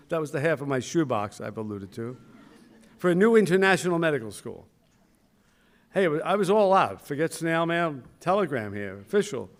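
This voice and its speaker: A man's voice: a little high, very animated, normal speed. An older man giving an anecdotal ceremony speech as a school founder, storytelling with self-mocking humor and acting out quoted voices.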